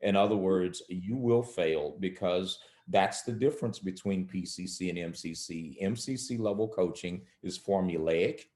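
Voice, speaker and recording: Low-voiced man teaching in an echoey room. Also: dark tone. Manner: measured, teaching with example phrasings. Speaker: coaching expert guest. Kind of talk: instructional interview talk. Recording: roomy echo.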